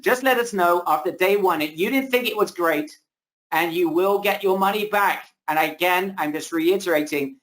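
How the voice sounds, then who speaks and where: Over a video call, a webinar host pushes his product in an excited, hard-sell pitch. He's pure pushy salesman hype, though he's clearly losing his voice.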